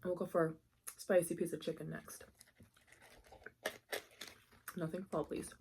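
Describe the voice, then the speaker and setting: A woman hosting an eating vlog, talking softly and giddily between bites, recorded close to the mic. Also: on the low side, flat delivery, fairly quick, vocal fry, noisy background. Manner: soft-spoken, giddy and appreciative between bites. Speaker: mukbang host. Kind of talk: casual eating vlog with soft asides. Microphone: close mic picking up eating sounds.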